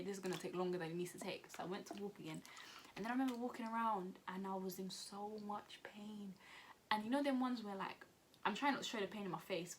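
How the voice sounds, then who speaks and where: A young woman speaks in a chatty, animated storytime style, full of "like" and "innit" and quick acted-out quotes. Her pitch sits in the middle for a woman. Faint background noise hums behind her. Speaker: vlogger. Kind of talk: casual storytime chat.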